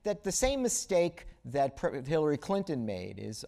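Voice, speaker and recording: A man hosting an onstage interview, his pitch rising and falling with a lot of life. He puts probing, teasing questions to his guest. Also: wildly swooping pitch, normal speed, vocal fry, warm tone. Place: auditorium stage before an audience.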